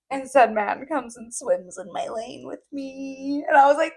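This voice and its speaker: A woman's voice: on the high side, normal speed. Giggly young woman telling a story. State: wired on an energy drink. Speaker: podcast co-host. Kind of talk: casual chat.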